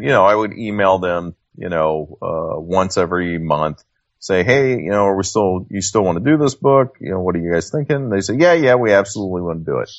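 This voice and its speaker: Low-voiced man telling a story, dull dry sound. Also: fairly bright tone, no echo. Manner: laid-back, acts out quoted dialogue, chuckles. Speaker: guest author. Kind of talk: casual podcast storytelling.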